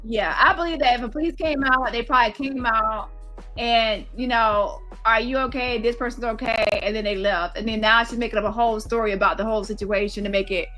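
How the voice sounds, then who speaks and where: Blunt, bright-voiced woman host. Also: fairly high pitch, steady tone, a little fast, soft background music, poor audio. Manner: blunt, laughing, profane and exasperated. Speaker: livestream host. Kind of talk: casual live commentary.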